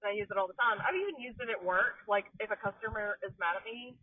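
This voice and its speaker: A young woman telling a story in loose, rambling podcast chat, swearing freely and amused at herself. Her voice has a husky, breathy edge. The sound is dry and narrow, as if it came through a phone line. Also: mid-range voice, fast talker, dry recording. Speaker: podcast host. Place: inside a car.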